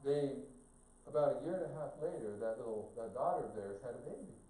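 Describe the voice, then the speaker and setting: An older man preaching a sermon as a guest speaker, telling stories with humor and shifting into a higher voice when he quotes people. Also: lively intonation, brisk, dark tone, slight background noise. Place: church sanctuary. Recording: echoey sanctuary from a distance.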